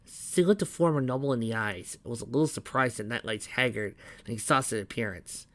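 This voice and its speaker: A man reading fan fiction aloud in a steady voice, with small slips and restarts. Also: medium pitch, a little fast, no echo. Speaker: reader.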